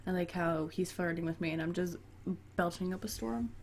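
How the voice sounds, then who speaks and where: A woman's voice: fairly low pitch, a little fast, darkish tone, a little hiss or hum. A woman gamer reading a dating game aloud and breaking off into chatty, giggly asides, including talking to her cat. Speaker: let's play gamer.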